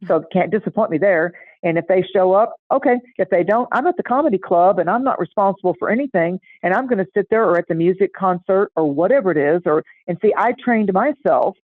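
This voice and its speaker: A middle-aged woman chatting casually and telling a lively story, acting out the voices of the people in it. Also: mid-range voice, fairly quick, few pauses, dry recording. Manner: animated, acts out voices in anecdotes. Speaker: astrology guest. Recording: tinny phone-like line, dry.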